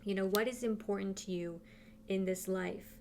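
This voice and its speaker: A woman's voice: medium pitch, steady tone, normal speed, creaky, a little mellow, a little hiss or hum. A woman giving a casual tarot reading who talks straight to her viewers and thinks aloud as she turns the cards. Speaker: tarot reader.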